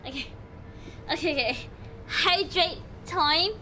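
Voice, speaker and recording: A woman's voice: extremely high pitch, slow, pushed and bright, a little hiss or hum. A young woman streaming a video game, exclaiming, pleading and talking herself through hard fights. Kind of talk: live gameplay stream commentary.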